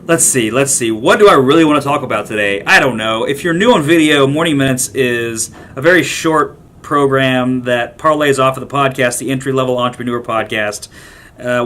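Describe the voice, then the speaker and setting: A man's voice: medium pitch, fairly bright tone. A man hosting a short daily vlog, ranting emphatically and repeating himself for emphasis. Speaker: podcast host.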